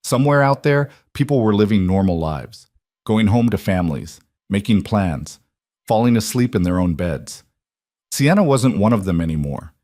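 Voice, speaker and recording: Guy reading a drama story, lowish voice, dry close mic. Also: darkish tone, no room sound. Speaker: narrator. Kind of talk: scripted story narration.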